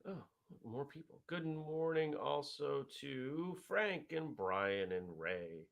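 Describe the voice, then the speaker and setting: Gravelly chatty man hosting. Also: medium pitch, slow pace. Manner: relaxed, rambling, chatty with fillers. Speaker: host of a morning vlog show. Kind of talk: casual chat reading viewer comments.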